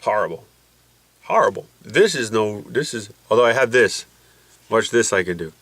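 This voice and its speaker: A man's voice: fairly low pitch, lively intonation, normal speed, a bit bright, no room sound. A man telling a rambling, jokey vlog story with his nose packed by a balloon, putting on voices as he goes. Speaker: vlogger.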